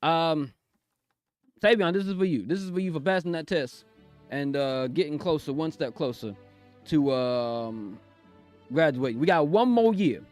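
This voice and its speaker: A young man chatting excitedly on a live stream, giggling often and talking in loose slang. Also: a little high, a little slow. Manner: excitable, giggly, slangy, keeps saying "bro". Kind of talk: casual live-stream chat. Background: faint music.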